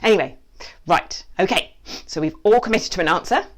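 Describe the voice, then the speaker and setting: A woman's voice: lowish voice, fairly quick, noisy background. A woman hosting a playful children's quiz from her basement, joking and trying silly accents. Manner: animated, jokey, with mock accents and asides. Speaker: quiz host, children's author. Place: basement at home.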